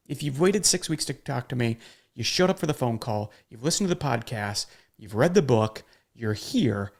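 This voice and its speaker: Male podcast host, higher-pitched voice, punchy and animated delivery, casual and blunt. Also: normal speed, vocal fry. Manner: emphatic and animated, with blunt swearing.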